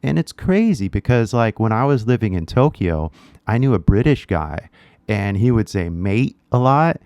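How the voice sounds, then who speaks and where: A man's voice: lowish voice, very animated, moderate pace, darkish tone, smooth, no room sound, highs cut off. A man with a Californian accent teaching English in a casual, slangy way, full of "like" and "right?". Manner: laid-back slangy talk with lots of "like" and "right?". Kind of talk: casual direct-to-camera lesson.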